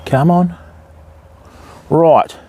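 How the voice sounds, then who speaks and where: Drawing out his words in a warm tone, an Australian fisherman chats away on his live stream outdoors beside the water. His talk goes both to the audience and to his dogs, whom he summons in a high sing-song voice.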